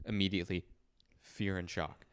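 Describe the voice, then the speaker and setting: Relaxed young man joking on a podcast. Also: sits low, normal speed, clean tone. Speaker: podcast co-host. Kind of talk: casual chat.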